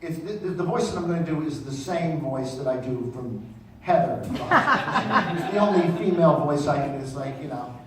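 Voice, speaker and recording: A middle-aged male comedian tells his stories in an animated way and acts out the people in them. His voice sits high and swings a lot. He is picked up from off-mic in a very echoey room. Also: normal speed, far from the mic, crowd noise. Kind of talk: stand-up storytelling.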